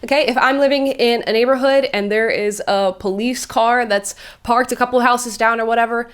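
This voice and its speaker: A young woman hosts a reaction show and picks apart each clip with sarcasm. Her voice sits a little high, and she breaks into short laughs between her points. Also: steady tone, normal speed, clear, resonant tone. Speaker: commentary host. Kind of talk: reaction commentary.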